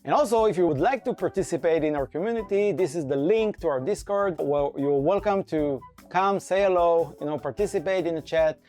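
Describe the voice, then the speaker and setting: A man giving a scripted conference talk in an enthusiastic, playful, pitching manner, bantering with a co-presenter. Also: fairly quick, hardly any pauses, darkish tone, soft background music. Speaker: conference speaker and framework core team member.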